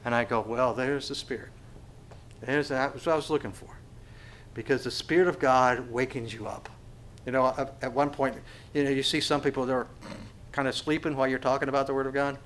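A man's voice: mid-range voice, steady tone, fairly quick, a bit bright, a little hiss or hum. A man preaching a sermon as pastor. He asks the congregation rhetorical questions and often stumbles over repeated words.

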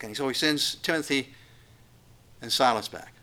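Male pastor, sermon delivery, earnest and emphatic, bright forceful voice. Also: medium pitch, normal speed, long pauses. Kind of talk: expository sermon.

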